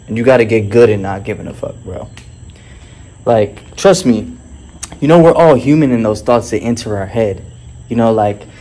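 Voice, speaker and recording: A man's voice: mid-range voice, dark tone. Cocky, foul-mouthed man hyping himself. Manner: boastful and heavily profane; swaggering street slang. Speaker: fitness and mindset coach. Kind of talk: motivational vlog monologue.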